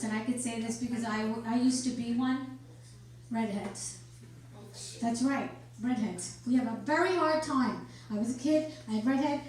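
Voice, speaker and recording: Brash high-voiced woman doing stand-up. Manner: brash, deadpan punchlines, crude jokes to a crowd. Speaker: stand-up comedian. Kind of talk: stand-up comedy set. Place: comedy club stage. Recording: roomy club sound from a distance with crowd. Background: audience laughter.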